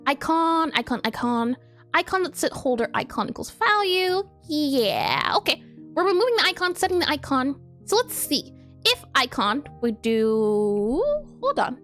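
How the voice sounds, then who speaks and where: Giggly high-voiced woman coding live. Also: big pitch swings, measured pace, a bit bright, faint music behind. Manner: giggly, explains step by step while thinking aloud. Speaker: game developer streaming. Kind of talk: casual live coding stream.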